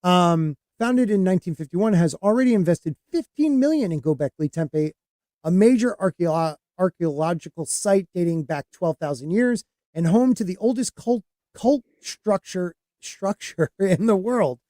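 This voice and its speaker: Male podcast host, slightly high, mellow tone, rambling and halting delivery. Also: expressive, dry recording, studio quality. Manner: rambling, halting with many fillers and restarts. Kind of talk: casual podcast chat.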